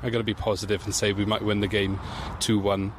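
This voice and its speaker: A man guesting on a podcast, giving a measured, even-toned match preview. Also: on the low side, background noise. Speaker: guest fan from another podcast. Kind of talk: casual podcast chat.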